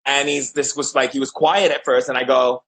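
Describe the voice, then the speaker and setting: Man, casual storytelling, mid-pitched voice, lively, acts out quoted dialogue. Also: normal speed, low-quality recording. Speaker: shaman and host.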